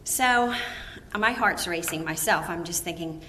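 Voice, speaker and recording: A woman giving an animated storytelling talk to a women's gathering, laughing often and acting out the people in her story. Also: medium pitch, unhurried, slight background noise. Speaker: women's ministry speaker. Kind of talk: storytelling sermon to a live audience.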